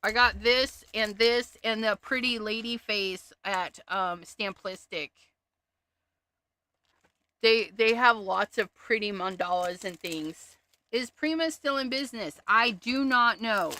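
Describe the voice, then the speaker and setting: A Canadian woman with a high-side voice, slow and pushed and bright, hosts a casual crafting livestream. She chats, giggles, and thinks aloud while sorting through her stamps.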